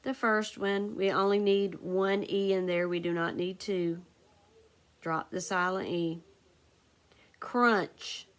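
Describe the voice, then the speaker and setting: Slow, deliberate woman teacher dictating. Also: fairly low pitch, fairly even intonation. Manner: slow, deliberate dictation, spelling words letter by letter. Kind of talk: recorded phonics lesson. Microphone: recorded for a video lesson.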